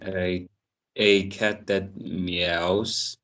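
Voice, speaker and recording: Deep, slow-spoken South African student. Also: male voice, flat delivery, a bit bright. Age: young adult. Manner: hesitant answers with pauses.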